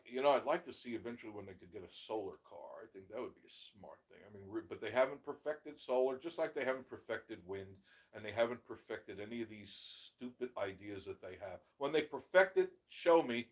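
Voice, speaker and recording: Brief: male live-show host, mid-pitched, opinionated and emphatic, chatty with frequent laughs. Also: lively intonation, brisk. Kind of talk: casual live chat reading viewer comments.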